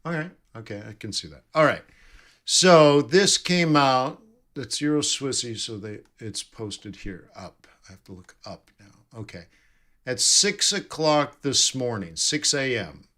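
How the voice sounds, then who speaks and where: A man's voice: medium pitch, expressive, measured pace, fairly bright tone. A man giving live trading commentary, thinking aloud and correcting himself as he reads numbers off charts. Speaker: forex trading streamer.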